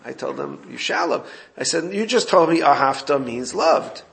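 A man leads an informal Torah class with a somewhat raised, gravelly voice. He explains step by step and recounts back-and-forths with his students. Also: fairly high pitch, expressive, normal speed, a bit bright. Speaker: Torah teacher.

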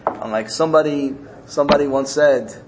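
A man's voice: on the high side, a little fast, a little hiss or hum, rough recording. Man telling a parable in a sermon. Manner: storytelling, rising emotionally in places, repeating phrases. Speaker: rabbi.

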